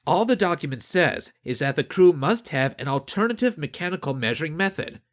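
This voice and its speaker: A man voicing a clever young crewman who argues regulations in a calm, methodical way. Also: fairly high pitch, brisk, pitched above the performer's own voice. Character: clever young man, precise crew accountant.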